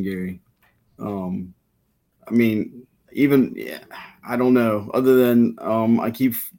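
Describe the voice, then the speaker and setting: A man's voice: medium pitch, dark tone. A man, a fishing guide captain, guesting on a podcast from his shop over a video call, answering modestly with many fillers. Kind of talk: casual interview answers.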